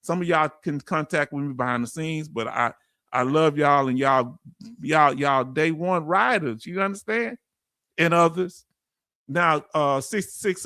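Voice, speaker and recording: A man's voice: fairly high pitch, gravelly, dry recording, studio quality. Chatty Southern man host. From Southern United States. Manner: warm, chatty, with frequent fillers and restarts. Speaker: YouTube channel host. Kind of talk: live-stream chat shout-outs.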